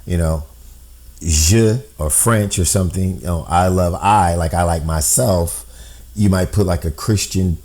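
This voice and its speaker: Slow, deep-voiced man explaining a puzzle. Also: a little mellow. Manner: thinks aloud, often checks in with "right?". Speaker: amateur code-breaker. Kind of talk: explaining on a shared screen.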